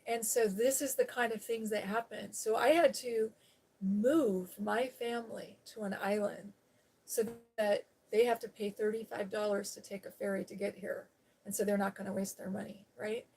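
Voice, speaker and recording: A woman's voice: medium pitch, steady tone, normal speed, darkish tone, slightly rough. A woman hosting a live stream talks in a loose, candid way. She rambles through a personal story, tucking "you know" and "okay?" into her sentences and laughing now and then. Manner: laughs while talking. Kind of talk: casual chat.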